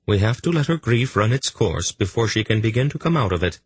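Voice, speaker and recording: A man doing a calm motherly woman. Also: lowish voice, a little fast, breathy edge, voice pushed up. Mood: soothing. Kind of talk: audiobook character voice.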